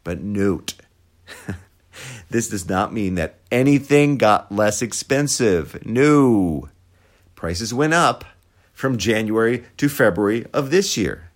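A man's voice: fairly low pitch, lively intonation, takes it slowly. A man hosting a podcast, giving sarcastic, profane commentary. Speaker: podcast host. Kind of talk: opinionated commentary.

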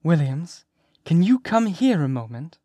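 A man's voice: fairly high pitch, big pitch swings, unhurried, warm tone, no room sound, pitched above the performer's own voice. A man voicing a domineering woman head nurse who scolds sharply like a teacher. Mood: clipped.

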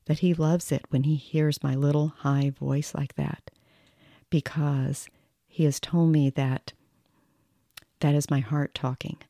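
Deep, mellow-voiced middle-aged woman. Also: dry recording, studio quality. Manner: earnest, preacherly, emphatic. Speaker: guest, the host's mother. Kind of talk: earnest faith testimony.

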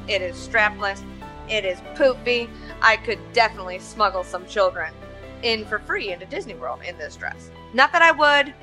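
A woman, likely in her thirties, hosting a podcast and telling a personal story in a chatty, animated way with joking asides. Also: mid-range voice. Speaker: podcast host.

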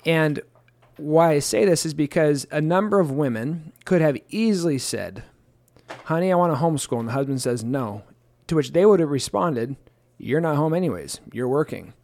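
A man's voice: fairly high pitch, animated, moderate pace, creaky, darkish tone, dry recording. Earnest storytelling man, dry sound. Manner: earnest, self-deprecating storyteller with playful quoted voices. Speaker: pastor and co-host. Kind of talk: casual chat on scripture.

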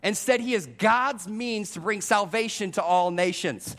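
A man's voice: high voice, normal speed. A man in his thirties preaching a sermon as pastor, telling stories about himself and speaking straight to his congregation. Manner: animated, self-deprecating storytelling with direct audience address.

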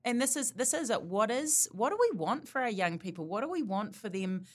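A woman's voice: fairly high pitch, very animated, a little fast. A woman, co-hosting a casual podcast chat. She speaks emphatically and presses with probing questions.

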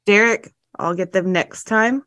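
A woman's voice: medium pitch, measured pace, a bit bright, no echo. A woman co-hosting a podcast in casual chat, rambling with lots of fillers and laughs. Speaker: podcast co-host.

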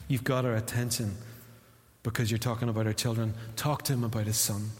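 With a medium-pitched voice and fairly even intonation, a Northern Irish man preaches as pastor at a fairly quick pace. He acts out little dialogues with his listeners in a conversational way, and the recording carries the long reverb of a church hall.

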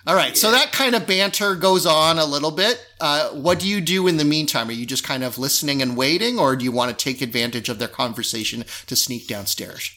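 Bright-voiced male game master. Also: fairly high pitch, fairly quick, few pauses. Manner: relaxed, loose, full of fillers. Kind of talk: narrating a tabletop game.

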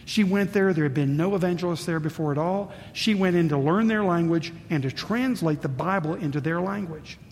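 An older man preaching a sermon as pastor, swinging between booming emphasis and hushed asides. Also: brisk, hardly any pauses. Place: church sanctuary. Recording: reverberant church hall, faint rumble.

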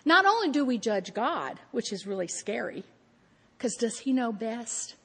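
A woman's voice: fairly high pitch, very animated, unhurried, a bit bright, breathy edge, long reverb tail. A woman preaching a sermon, telling stories animatedly and acting out her own thoughts.

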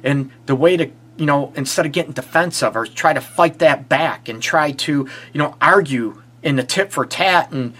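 A middle-aged man talks as a relationship therapist on a live stream, his voice sitting a little high for a man. He speaks earnestly, leans on repeated phrases and keeps asking rhetorical questions. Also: moderate pace, few pauses, bright, forceful tone, slightly rough. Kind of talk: casual advice talk to a live audience.

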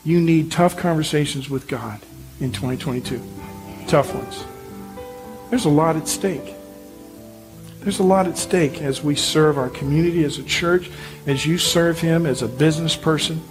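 A man's voice: medium pitch, rough recording. A male pastor preaching a sermon in an earnest, emphatic, encouraging way.

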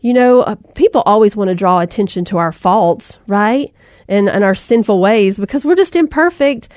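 Expressive and medium-pitched, a woman in her thirties talks at normal speed in a darkish tone, recorded dry at studio quality. A Christian speaker, she gives mothers a folksy, conversational faith talk with asides and fillers.

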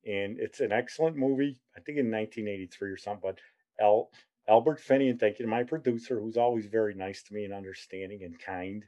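A man's voice: fairly low pitch, quick pace, dark tone, muffled recording. Middle-aged man, show host, casual storytelling, rambling asides, self-mocking humor.

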